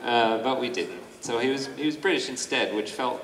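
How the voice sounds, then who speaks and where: A male voice actor on a convention panel, talking in a halting, self-deprecating way with many restarts. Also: mid-range voice. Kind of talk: panel talk. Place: large convention hall. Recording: echoey hall from far off, crowd noise.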